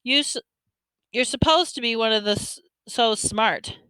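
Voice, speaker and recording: A blunt, bossy teenage boy who scolds in slangy street talk, as a woman reader puts him on. The voice sits high and bright, clean and crisp, with a dry close sound and no room around it. The voice is kept full and firm. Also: a little slow, no room sound. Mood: scolding.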